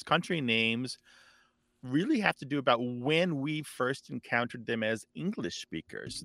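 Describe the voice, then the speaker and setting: A man explaining word origins as a guest expert, thoughtful and steady. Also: medium pitch, dry recording, clean studio sound. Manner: thoughtful, with fillers and restarts. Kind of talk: conversational explaining.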